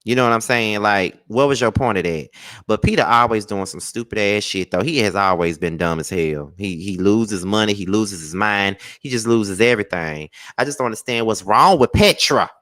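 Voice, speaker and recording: A man hosting a live celebrity gossip chat, sassy and animated, scolding with sudden high exclaims and drawling "child" and "honey". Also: normal speed, no echo. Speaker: gossip show host.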